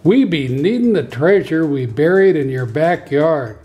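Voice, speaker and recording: Blustery pirate captain, read by a man for a kids' storybook; gruff, bellowing, slightly high voice. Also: lively intonation, a little slow.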